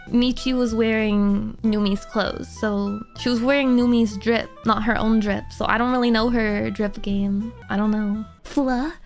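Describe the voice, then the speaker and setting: A young adult woman streamer chatting casually with her viewers, giggly and full of fillers. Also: a little high.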